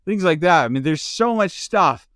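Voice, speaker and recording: A man's voice: high voice, animated, normal speed, a bit bright, dry recording, studio quality. A man hosting a podcast in casual chat, rambling with lots of restarts and fillers, from the United States. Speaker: podcast host.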